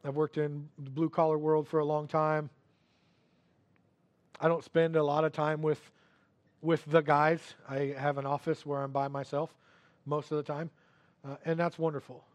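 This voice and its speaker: A man preaching a sermon to a church congregation, earnest and repetitive, swinging between hushed asides and loud emphasis. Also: on the high side, little pitch movement, moderate pace, long pauses, no room sound.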